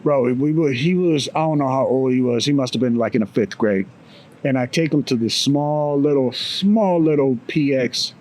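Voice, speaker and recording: An American man co-hosting a podcast, telling a story in a relaxed, profane way, chuckling as he goes. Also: mid-range voice, moderate pace, poor audio. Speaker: podcast co-host. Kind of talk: casual storytelling chat.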